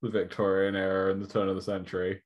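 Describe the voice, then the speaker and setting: A man co-hosting a casual chat, sarcastic and quick to swear. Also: low voice, monotone, highs cut off. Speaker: podcast co-host.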